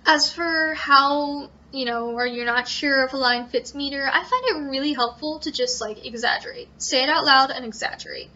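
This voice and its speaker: On a dull lo-fi recording, a student presenter explains sonnet writing in a casual tutorial. Her high-pitched voice is pushed and bright, moving at normal speed with hardly any pauses, though she hesitates with many ums and corrects herself often.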